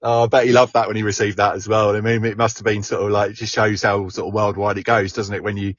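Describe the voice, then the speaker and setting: A man's voice: lowish voice, little pitch movement, fast talker, no echo, muffled recording. A man hosting a podcast in casual chat, hesitant with many restarts and fillers. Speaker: podcast host.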